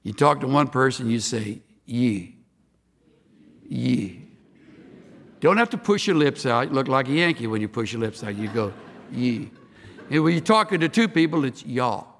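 A man's voice: mid-range voice, very animated, fast talker, hardly any pauses, a bit bright, big-room sound. A man putting on a Southern-accented man who teaches him to talk like a local. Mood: teasing. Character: Southern man coaching speech, teasing.

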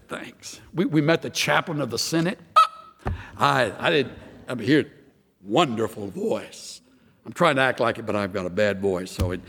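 A man's voice: medium pitch, vocal fry, a bit bright, slightly rough, in a large hall. A man preaching a conversational sermon in a folksy, joking way, with laughs between his points. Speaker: pastor.

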